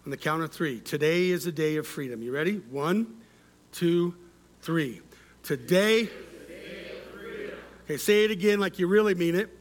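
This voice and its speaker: A male pastor preaching a sermon, leading the congregation in call-and-response and letting his phrase endings fall soft and quiet. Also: a little high, fairly quick, slight background noise.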